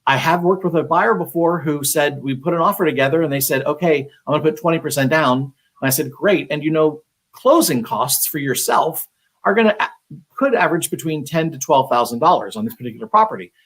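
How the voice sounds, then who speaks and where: A man's voice: on the high side, animated, a little fast, a bit bright. A man working as a real estate agent, giving casual advice on a live stream, talking conversationally with many fillers and restarts.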